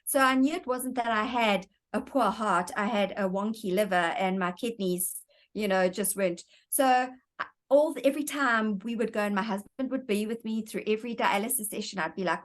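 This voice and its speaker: A woman speaks as an interview guest, telling her own story with earnest reflection. She often circles back and repeats words as she gathers her thoughts. Her voice sits at an ordinary middle pitch. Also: moderate pace.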